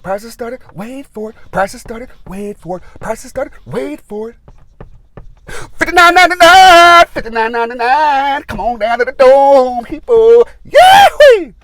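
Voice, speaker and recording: A man voicing a booming, hyped-up male store announcer who hollers a drawn-out sales pitch. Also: a little hiss or hum. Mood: teasing, hollering.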